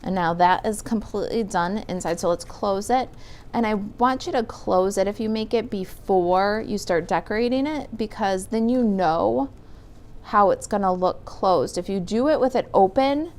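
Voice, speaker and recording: Middle-aged female crafter, chatty live-stream host who reads out comments, mid pitch. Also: normal speed, a little mellow. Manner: chatty, rambling, reads viewer comments aloud. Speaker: stamping demonstrator.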